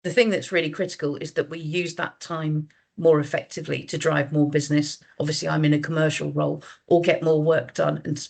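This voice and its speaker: A woman's voice: low voice, gravelly. A woman presenting on a video call webinar, talking in a conversational way with frequent fillers and restarts. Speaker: guest speaker.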